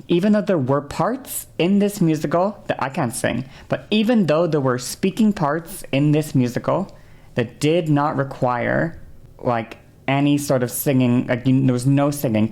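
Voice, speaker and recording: A woman in her twenties, streaming and telling a story in a heated, swearing rant, often pausing to check in with her listeners. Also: deep voice, darkish tone. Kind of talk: casual stream chat.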